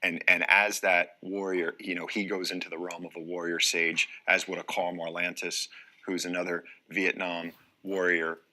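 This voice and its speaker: A man interviewing a guest, asking a measured, reflective question. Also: low voice, flat delivery, bright, forceful tone.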